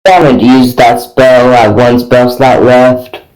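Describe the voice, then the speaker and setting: A man's voice: mid-range voice, level tone, measured pace, darkish tone, faint music behind, rough recording. A man playing a tabletop role-playing game, speaking tentatively and second-guessing himself. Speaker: player. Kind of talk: casual tabletop role-play.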